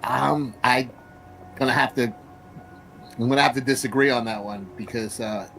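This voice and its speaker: A man's voice: medium pitch, fairly bright tone, slight background noise, low-quality recording. A man streaming live reaction commentary, swearing and mocking the people on screen in a combative way.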